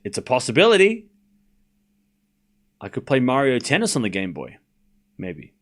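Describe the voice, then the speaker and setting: A man hosting a live stream, calling tennis points with excitable play-by-play and chatting casually with his viewers. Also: mid-range voice, moderate pace. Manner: excitable play-by-play mixed with laid-back banter to chat. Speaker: stream host doing live tennis commentary.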